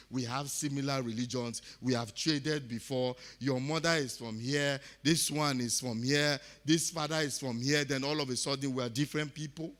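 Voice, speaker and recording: Impassioned Nigerian man, bright voice. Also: mid-range voice. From Nigeria, Delta State. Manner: rousing, swings from quiet to loud, repeats phrases. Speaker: summit speaker. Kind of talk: impassioned public speech. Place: conference hall.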